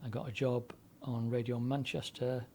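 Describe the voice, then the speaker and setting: Mellow and flat in delivery, this mid-range male voice moves at normal speed as a man in his seventies, a onetime DJ and broadcaster, recounts long anecdotes conversationally. He rambles, with plenty of fillers and restarts, over a little hiss or hum.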